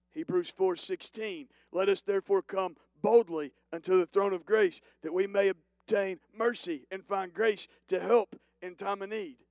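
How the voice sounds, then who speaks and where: High-pitched, gravelly preaching pastor. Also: male voice, no room sound. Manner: builds from hushed, slow passages to loud, emphatic preaching. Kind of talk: sermon. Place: church.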